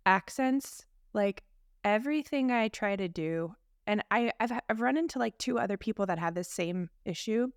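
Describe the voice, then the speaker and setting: A woman's voice: a little high, clear, resonant tone, dry recording, clean studio sound. A woman co-hosting a podcast and chatting casually, rambling and poking fun at herself with frequent laughs. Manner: rambling and self-deprecating, laughs often. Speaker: podcast co-host and voice teacher. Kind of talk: casual chat.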